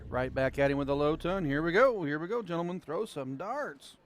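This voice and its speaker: A man with an Ozark accent calling a darts match live, folksy, chatty and excitable. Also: a little high, a little fast, soft background music. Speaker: darts commentator. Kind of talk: live play-by-play commentary. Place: darts venue. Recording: crowd chatter behind.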